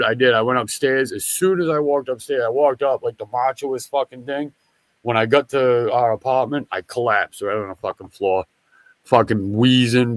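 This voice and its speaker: A man's voice: medium pitch, no echo. A man telling a long, rambling story with a lot of swearing. He often breaks off and starts his sentences again. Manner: rambling, profane, animated storytelling; restarts and backtracks often. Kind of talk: casual storytelling.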